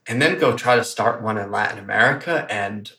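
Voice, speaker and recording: A man's voice: lowish voice, brisk, sharp tone. A man hosting a podcast, chatting casually with his guest. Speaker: podcast host. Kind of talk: casual interview chat. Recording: echoey room.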